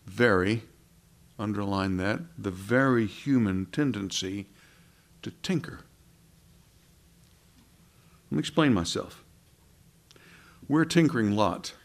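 A man preaching a sermon in a conversational way, with asides and rhetorical questions. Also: mid-range voice.

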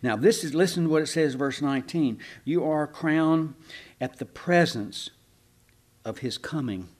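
Pastor guy preaching, folksy and lively, jokes around with the church. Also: fairly high pitch, moderate pace. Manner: folksy, animated preaching with sarcastic asides. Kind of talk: sermon.

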